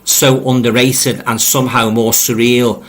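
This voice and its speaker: A man's voice: medium pitch, level tone, unhurried. Chatty Liverpool man hosting a live stream. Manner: rambling, repeats words and restarts often; friendly, addresses viewers directly. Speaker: livestream host reading viewer comments. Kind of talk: casual live-stream chat.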